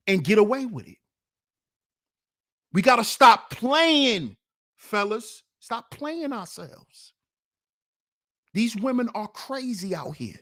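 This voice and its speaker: Slow, preachy man, lively pitch. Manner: preachy, emphatic, repeats and mocks. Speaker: channel host and commentator. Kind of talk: heated commentary on a played clip.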